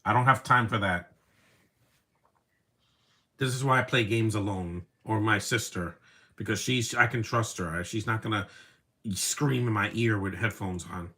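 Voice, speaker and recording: Bright-voiced man rambling over a movie. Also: lowish voice, a little slow, pauses often. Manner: rambling, opinionated asides. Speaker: movie commentator. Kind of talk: casual live movie commentary.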